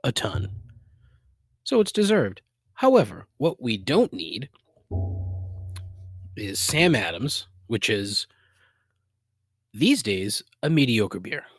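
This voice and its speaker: A man's voice: medium pitch, very animated, slow pace, pauses often, slightly rough, no echo, clean studio sound. A man with a Boston accent hosting a solo podcast, griping in a profane, exasperated way with sarcastic asides. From Boston area, USA. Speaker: podcast host.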